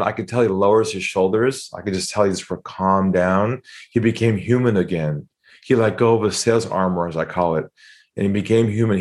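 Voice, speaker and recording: Lively low-voiced man telling a sales story. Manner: animated, acts out phone calls with shifting voices. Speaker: podcast guest, sales coach. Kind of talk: storytelling interview talk.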